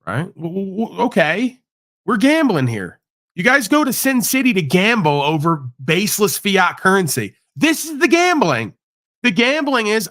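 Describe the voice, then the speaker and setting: Man host, high and bright, dry close sound, preachy profane rant. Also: animated, normal speed, no echo. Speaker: livestream host. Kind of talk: ranting monologue.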